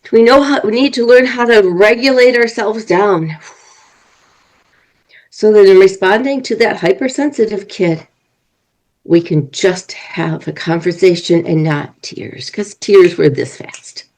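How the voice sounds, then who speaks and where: A woman's voice: medium pitch, unhurried, darkish tone, poor audio. A woman speaking as a guest on an interview podcast, explaining in an earnest way and working through examples. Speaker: marriage and family coach.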